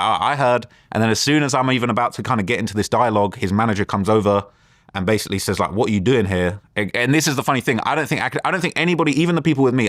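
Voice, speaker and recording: A man with a London accent, an interview guest, retelling a tense encounter in a rambling, animated way. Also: lowish voice, no echo, studio quality. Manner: rambling, animated retelling with quoted back-and-forth. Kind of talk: casual storytelling interview.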